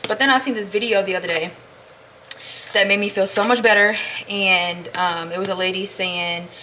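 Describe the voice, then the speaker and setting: A pregnant woman talks through her cooking in a home kitchen, chatty and casual, calling her viewers "girl" and "y'all." Her pitch sits in an ordinary middle range. The recording carries clear background noise and clicking. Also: fairly even intonation, moderate pace, bright, forceful tone. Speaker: vlogger. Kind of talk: casual chat while cooking.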